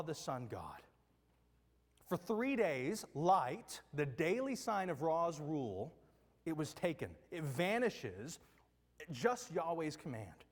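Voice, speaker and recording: Man, preacher, high voice, long hall reverb, rhetorical questions. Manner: animated teaching with rhetorical questions and quoted voices. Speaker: pastor. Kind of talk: sermon.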